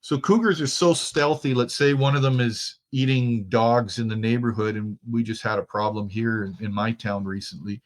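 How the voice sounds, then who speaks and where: A middle-aged man from Germany with no trace of an accent, chatting as a podcast guest. His voice sits at an ordinary mid pitch. He tells his stories in a loose, easygoing way and laughs easily. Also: fairly even intonation, moderate pace, few pauses. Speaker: guest, outdoors expert. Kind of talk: casual interview chat.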